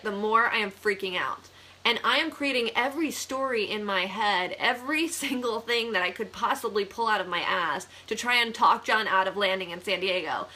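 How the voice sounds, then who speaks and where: In a casual vlog, a young woman from the Buffalo, New York area, a real estate agent, tells a personal story. Her voice is slightly high and bright, and she's chatty and animated, often bursting into laughter.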